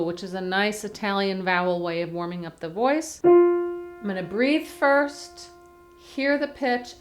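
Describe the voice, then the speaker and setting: A woman voice teacher giving a chatty singing lesson, breaking into sung warm-up vowels to demonstrate. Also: lowish voice, lively intonation, a little slow, loud music behind the voice. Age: older. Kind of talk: vocal lesson to camera.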